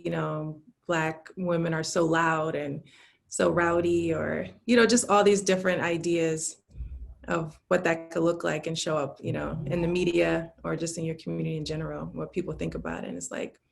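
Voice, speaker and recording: A woman speaking in a casual panel discussion, relaxed with many fillers. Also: lowish voice, vocal fry.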